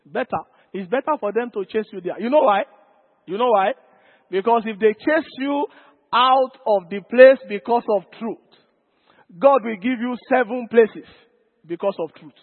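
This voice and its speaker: A man's voice: very high-pitched, normal speed. A man preaching a sermon as pastor, emphatic, repeating key phrases and calling out to the congregation. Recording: lo-fi phone-like church recording with long reverb.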